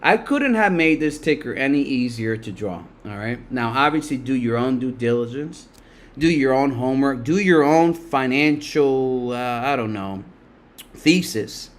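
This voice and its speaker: Brief: middle-aged male live-stream trader, mid-pitched, salty, rambling, talks to chat. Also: expressive, unhurried. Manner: loose, profane, talks to chat, laughs a lot. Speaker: livestream stock market host. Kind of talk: casual live-stream commentary.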